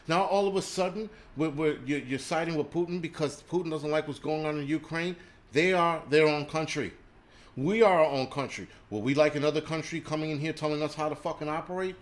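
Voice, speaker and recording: A man's voice: a little high, moderate pace. Angry profane man ranting on a livestream. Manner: reads viewer names and donations aloud. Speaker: livestream host.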